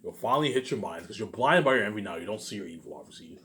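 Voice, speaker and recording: A man's voice: fairly low pitch, expressive, rapid-fire, a bit bright, slight background noise. A man in a rambling, profane solo monologue to his viewers, repeating "obviously" and "you know what I'm saying" again and again. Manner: profane, emphatic and grandiose. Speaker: channel host.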